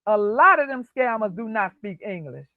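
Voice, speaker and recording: A woman's voice: medium pitch, animated, moderate pace, dry recording. A woman calling in to a live stream, chatting casually and telling a story in a friendly, talkative way. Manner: chatty, addresses the host as "girl". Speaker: call-in guest on a live stream. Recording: tinny phone line.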